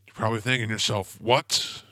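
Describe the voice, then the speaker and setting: A man's voice: fairly low pitch, moderate pace, bright, forceful tone, no room sound, studio quality. A young man hosting a podcast, telling rambling goofy stories in a casual comedic monologue. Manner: rambling, goofy, self-promoting storyteller. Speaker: podcast host.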